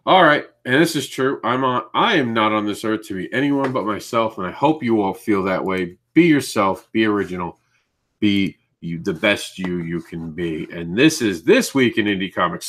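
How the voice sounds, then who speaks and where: A man's voice: on the low side, animated, moderate pace, a bit bright. A man hosting a live indie comics news show, chatting casually, stumbling over names and laughing at his own slips. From Ireland.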